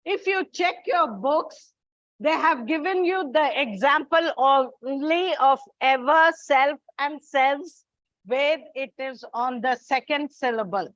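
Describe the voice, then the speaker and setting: Slow, high-voiced woman teaching English. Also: lively intonation, a bit bright, dry recording. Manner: slow, deliberate, repeats and lists examples; addresses students as children. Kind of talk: classroom lecture. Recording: dull, lo-fi sound.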